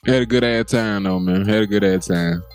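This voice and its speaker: A young adult man co-hosting a podcast, telling animated stories in casual chat, laughing often and swearing freely. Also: on the low side, fairly quick, smooth, faint music behind. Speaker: podcast co-host.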